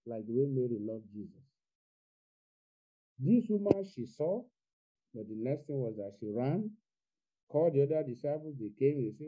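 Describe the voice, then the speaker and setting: A man's voice: mid-range voice, animated, normal speed, long pauses, narrow, tinny audio. A man preaching an Easter sermon online, repeating his phrases and building to fervent exhortation. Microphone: online video call.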